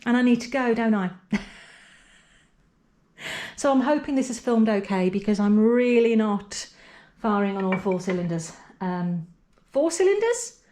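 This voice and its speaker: A woman's voice: mid-range voice, a little slow, long pauses, echoey room. A middle-aged woman, chatting casually in her home pottery studio while feeling unwell and tired. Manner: chatty, rambling, softly emotional. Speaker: pottery vlogger. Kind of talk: casual vlog talk to camera.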